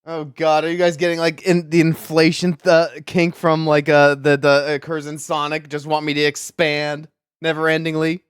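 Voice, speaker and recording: A man's voice: a little high, completely flat delivery, moderate pace, clean tone, dry recording, clean studio sound. A man streaming a video game, chatting casually with a rambling, joking manner. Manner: rambling, joking, frequent restarts. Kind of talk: casual gameplay commentary.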